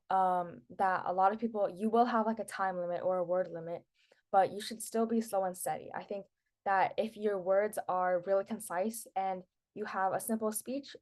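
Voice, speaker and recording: A woman's voice: medium pitch, a little mellow. A teenage girl presenting public speaking tips to a class in a casual, chatty way, with lots of filler words. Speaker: student presenter.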